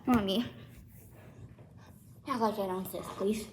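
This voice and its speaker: A woman's voice: medium pitch, steady tone, takes it slowly. A woman talking casually to her dog as she trains it, coaxing it along with short commands, in a room indoors. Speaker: dog owner vlogger. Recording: very echoey room, mic far off, noisy background.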